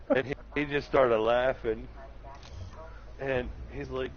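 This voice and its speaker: A man's voice: medium pitch, steady tone, slow, long pauses. A man telling his own painful mishaps as jokes, laughing along in casual chat. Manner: laughs through his own painful stories, joking and self-mocking. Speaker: live stream chat participant. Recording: muffled lo-fi stream audio with faint music.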